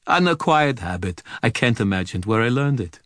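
A man voicing a calm, gentle male guardian dog with a dry, polite wit, a bit higher than his own voice. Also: moderate pace, no room sound, lightly acted.

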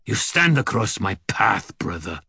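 A man voicing a menacing, contemptuous male dog-spirit villain who speaks slowly in a snarling, archaic way, with a gravelly husky voice. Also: on the low side, very animated, pushed and bright, no echo, studio quality, full character voice.

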